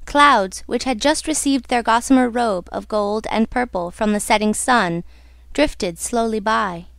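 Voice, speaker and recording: A woman narrating an audiobook in a measured, unhurried reading. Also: on the high side, creaky, fairly bright tone, dry recording. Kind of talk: scripted narration.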